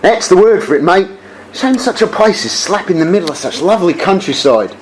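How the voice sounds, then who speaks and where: A man's voice: sits high, expressive, a little fast, a little hiss or hum, low-quality recording. A man playing a weary young man who talks casually, calls people "mate", and turns bitter in an amateur radio play.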